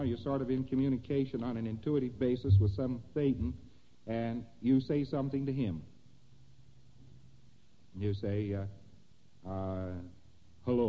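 A man giving a lecture, talking through diagrams in a conversational, animated way and checking that listeners follow. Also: medium pitch. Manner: conversational, animated, asking "see that?". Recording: dull lo-fi recording in a reverberant hall.

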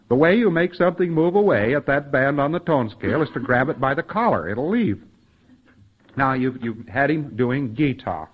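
A man with a fairly high, breathy voice and lively intonation lectures trainees at a moderate pace. He's folksy, acting out quoted dialogue and sound effects, heard through a dull, muffled lo-fi recording.

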